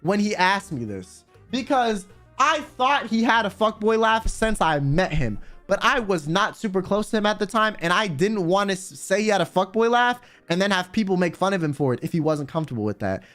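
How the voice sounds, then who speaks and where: Young male streamer, high and expressive, comedic and profane, light background music. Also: a little fast, hardly any pauses. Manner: animated, profane, joking. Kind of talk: casual comedic commentary.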